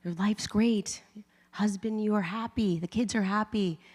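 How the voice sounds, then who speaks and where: A woman from the United States giving a chatty personal faith testimony, full of "like" and quick laughs between lines. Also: medium pitch, steady tone, darkish tone, big-room sound. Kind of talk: personal storytelling talk.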